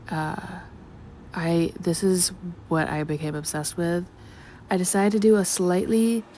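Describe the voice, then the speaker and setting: A woman with a slightly low voice rambles through a late-night voiceover about her paintings. She chats to herself, drifts off mid-sentence and slips in and out of a country twang. A faint background noise sits under her voice. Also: darkish tone. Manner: chatty, scattered, talks to herself. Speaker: art vlogger. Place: at home at night.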